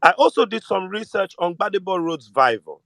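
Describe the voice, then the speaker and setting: A Nigerian man with a Nigerian accent talking politics in casual, animated chat, switching between Pidgin and English. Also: sits high, a little fast, no echo. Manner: animated, mixes Pidgin with English, mimics voices. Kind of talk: casual political chat in a live audio space.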